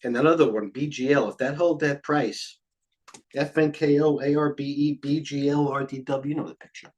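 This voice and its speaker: Breathless, fast-talking trading host. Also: male voice, on the high side, fairly even intonation, a little mellow. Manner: rapid, scattered, jumps between tickers. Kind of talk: live market commentary.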